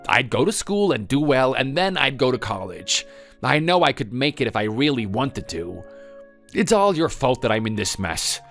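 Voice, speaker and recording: A man's voice: medium pitch, very animated, normal speed, fairly bright tone, faint music behind. A man voicing a resentful grown son who sulkily blames his mother for his failures, read as a texting-story voice-over. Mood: bitter. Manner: sulky, self-pitying, bitter.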